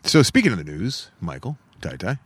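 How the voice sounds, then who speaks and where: A man's voice: sits low, wildly swooping pitch, moderate pace, breathy edge. A man co-hosting a podcast, chatting casually and making wry, sarcastic jokes. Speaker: podcast co-host. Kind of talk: casual chat.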